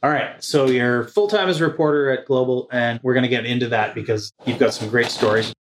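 A man's voice: mid-range voice, fairly quick, noisy background. A man hosting a podcast interview who gives short agreeing replies and steers the conversation. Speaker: podcast host and comedian. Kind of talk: casual interview.

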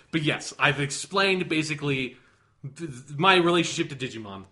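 A man's voice: on the high side, animated, moderate pace, sharp tone. A man co-hosting a casual podcast, rambling enthusiastically with lots of swearing and constant "like". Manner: rambling, profane, enthusiastic, heavy use of "like". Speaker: podcast co-host.

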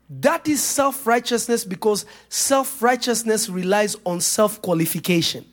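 A man preaching a sermon to a congregation, joking and laughing through his stories before rising to shouted points. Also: sits high, measured pace, hardly any pauses. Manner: humorous, laughing at his own stories, then building to shouts.

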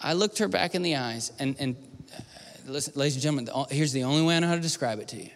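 A man preaching a sermon, telling a personal story and moving from hushed near-whispers to loud pleading. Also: a little high, lively intonation, quick pace. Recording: long hall reverb with faint music.

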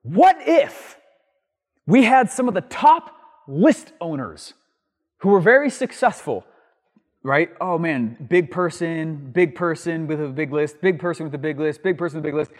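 A man's voice: lively intonation, a little slow. Emphatic man teaching in a reverberant hall. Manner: emphatic, swings from loud bursts to low asides. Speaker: marketing podcast host. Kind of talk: energetic teaching monologue.

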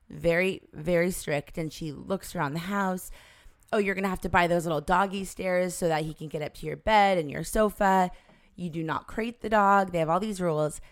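A woman in her forties telling a family story in casual chat, acting out the voices of the people in it. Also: lowish voice. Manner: animated storyteller acting out quoted dialogue.

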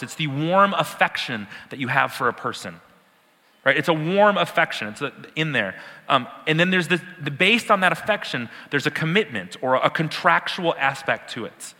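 Bright-voiced man preaching in a hall. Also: on the high side. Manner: explanatory, emphatic repetition, laughs at own jokes. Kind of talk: sermon teaching.

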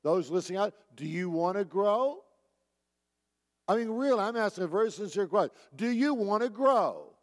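A man delivers an earnest sermon in a fairly high voice, pressing his points with repeated rhetorical questions. His voice rings with a long reverb, as in a church sanctuary. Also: animated, normal speed. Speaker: pastor.

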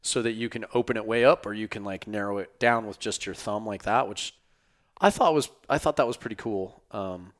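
A man's voice: lowish voice, fairly quick, fairly bright tone. A podcast host chatting loosely and rambling, swearing casually, his voice worn from an earlier recording. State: losing his voice. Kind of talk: casual chat.

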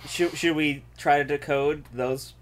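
A man in casual joking chat, teasing the others and quick to laugh. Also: on the high side, steady tone. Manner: jokey, quick to tease and laugh. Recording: noisy recording.

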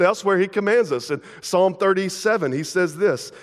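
A man's voice: high voice, lively intonation, normal speed. A young man preaching a casual, playful sermon as pastor, slipping into everyday dialogue to make his points. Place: church sanctuary. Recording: long hall reverb.

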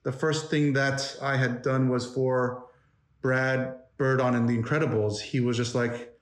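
A man's voice: mid-range voice, little pitch movement, measured pace. Forties guy from New York, guest on a chat show, loose and rambling, mid-range voice, roomy sound. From New York, United States. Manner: rambling, many fillers and restarts. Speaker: interview guest, animation story artist. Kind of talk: casual interview chat. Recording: roomy echo.

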